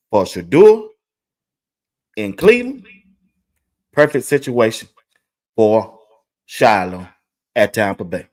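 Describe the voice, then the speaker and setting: A man hosting a sports talk show, chatting excitedly. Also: lowish voice, slow, long pauses. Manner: excited, chatty, talks to viewers directly. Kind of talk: casual commentary over video clips.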